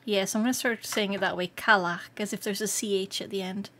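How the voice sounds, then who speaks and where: A Scottish woman streaming live, chatting casually with viewers, excitable and quick to laugh. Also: medium pitch, a little hiss or hum. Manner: excitable and giggly, laughs often. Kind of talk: casual livestream chat.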